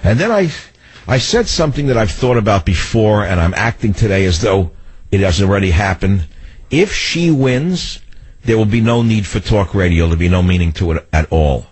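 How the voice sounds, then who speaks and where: A middle-aged male talk radio host with a lowish, husky voice. He rants in a mocking, sardonic way. His monologue is delivered from a radio studio mic. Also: lively intonation, a little fast, darkish tone, rough recording.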